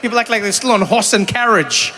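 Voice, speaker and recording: A middle-aged man from South Africa doing animated stand-up comedy with crowd work, acting out voices as he tells stories. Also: sits high, fairly quick, a little hiss or hum. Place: large theater stage. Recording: reverberant hall with faint ambience.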